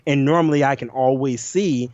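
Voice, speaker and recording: A man's voice: mid-range voice, moderate pace, no echo. Guy telling a dream story, lots of swearing, acts out his lines, muffled dry audio. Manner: animated, profane, acts out his own lines. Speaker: podcast co-host. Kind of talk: casual storytelling chat.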